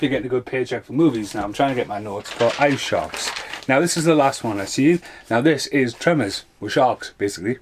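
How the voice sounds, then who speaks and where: A man with a fairly low voice talks through a run of bad films in a loose, off-the-cuff review. He is sarcastic and swears constantly. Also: slight background noise. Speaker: film reviewer. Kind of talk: casual spoken review.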